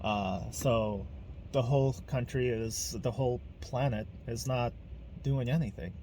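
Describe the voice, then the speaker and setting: A man's voice: medium pitch, unhurried, warm tone, a little hiss or hum. Blunt man talking. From Ukraine. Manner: blunt, emphatic, swears freely. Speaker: podcast host. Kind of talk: casual monologue.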